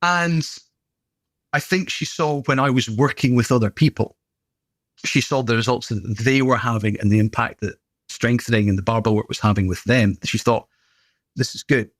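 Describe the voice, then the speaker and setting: British man, animated storyteller. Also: medium pitch, moderate pace, dry recording. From United Kingdom. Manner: animated storyteller, does playful voices. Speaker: podcast guest, gym owner. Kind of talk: casual conversation.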